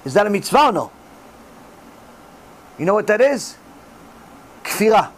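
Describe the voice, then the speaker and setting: A man's voice: high voice, very animated, unhurried, rough recording. A middle-aged man giving a sermon as a rabbi, telling stories with acted dialogue and sprinkling in Hebrew religious terms. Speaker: rabbi giving a Torah class.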